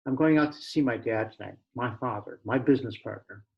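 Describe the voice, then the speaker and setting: A man's voice: medium pitch, brisk, gravelly, lo-fi sound, close to an everyday voice. A man voicing an irritated adult male business partner who talks bluntly and sarcastically.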